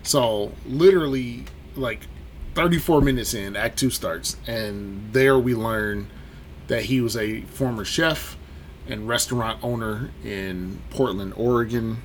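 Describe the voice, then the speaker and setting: A man talking casually in a podcast movie discussion, halting with many fillers. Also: mid-range voice, a little hiss or hum. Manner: slow, hesitant, many fillers. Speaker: podcast co-host.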